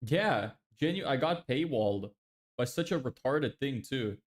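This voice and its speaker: A man's voice: medium pitch, expressive, a little slow. A young man casually chatting on a live stream, exasperated and swearing often as he answers viewers. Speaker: livestreamer.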